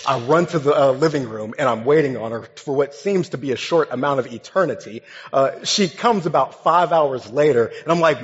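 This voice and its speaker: A young man, a pastor, gives a sermon built on a funny childhood story, talking in a relaxed, conversational way. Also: mid-range voice, a little fast. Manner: humorous, conversational, lively storytelling. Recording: dull sound with long hall reverb.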